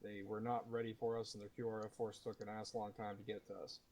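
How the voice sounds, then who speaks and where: A man commanding a military sim unit, leading a mission debrief over game voice chat in a steady, matter-of-fact manner. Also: fairly low pitch, quick pace, poor audio. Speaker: commanding officer running the debrief.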